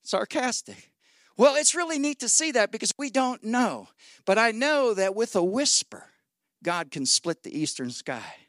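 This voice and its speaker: High, bright-voiced preacher in his sixties. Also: big pitch swings, a little slow, dry recording, clean studio sound. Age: 60s. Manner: folksy, exhorting with 'come on, somebody'; swings between loud shouting and low asides. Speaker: guest pastor. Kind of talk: sermon.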